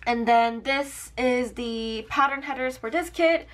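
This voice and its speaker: Young woman, casual product vlog, bubbly and effusive, filler-heavy, voice a touch high. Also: unhurried. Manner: gushing, upbeat, many fillers like "um" and "like". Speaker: planner sticker shop owner.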